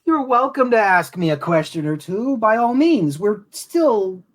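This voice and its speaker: A man reading a solemn, grandiose scripted monologue as a podcast host, deliberate and formal, then chatting casually. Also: high voice, big pitch swings.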